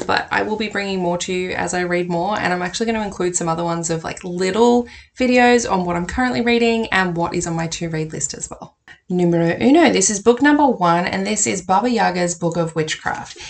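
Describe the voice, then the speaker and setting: A woman's voice: on the low side, creaky. A woman hosting a casual book review vlog, chatty and enthusiastic. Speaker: tarot reader and YouTube host.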